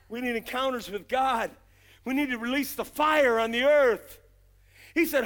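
A middle-aged man preaching a fiery revival sermon, impassioned with shouted bursts and drawn-out emphasis, folksy in his speech. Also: very high voice. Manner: folksy, uses "gotta" and "ain't".

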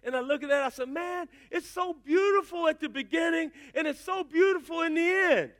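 High bright-voiced guy preaching, chatty stories, talks to the congregation. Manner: animated storytelling with asides to the congregation. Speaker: pastor. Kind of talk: sermon.

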